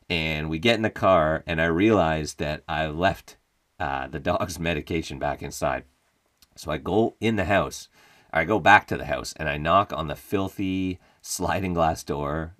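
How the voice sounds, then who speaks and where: A man's voice: sits low, animated, normal speed, fairly bright tone, no room sound, studio quality. A young adult man casually telling a profane, wry comedic story about his own mishap, laughing as he goes. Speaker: podcast host telling a personal story.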